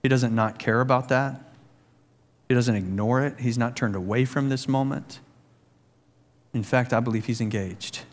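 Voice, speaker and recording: A man preaching a sermon as pastor, earnest and full of rhetorical questions, growing animated as he tells stories. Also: mid-range voice, normal speed, pauses often. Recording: long hall reverb.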